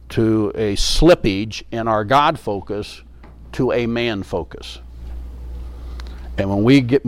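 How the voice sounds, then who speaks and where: A man preaching a sermon in an earnest way, repeating his key phrases for emphasis. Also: mid-range voice.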